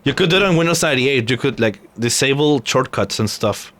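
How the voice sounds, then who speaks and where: A man's voice: medium pitch, expressive, brisk, fairly bright tone. A man streaming a video game, chatting casually and laughing often at his own mistakes. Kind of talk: casual live gameplay chat.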